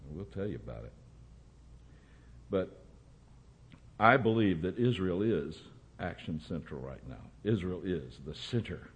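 Deep-voiced man preaching a sermon. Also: slight background noise. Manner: emphatic, rising to loud bursts.

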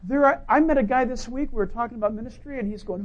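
A male pastor preaching a sermon in a conversational, humorous way, full of rhetorical questions and swinging between loud and quiet. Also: very high voice, quick pace, highs cut off.

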